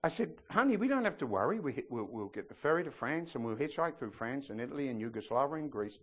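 A man preaching a sermon, telling stories with animated shouted impressions. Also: mid-range voice, quick pace. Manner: animated storytelling, bursts into excited shouted impressions.

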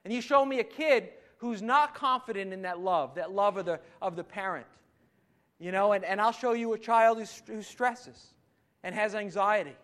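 A man with a very high voice preaches a sermon as if chatting with his congregation. He stumbles and restarts, then rises to emphatic points. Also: normal speed, a bit bright. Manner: conversational preaching with frequent restarts and rising emphasis. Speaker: pastor.

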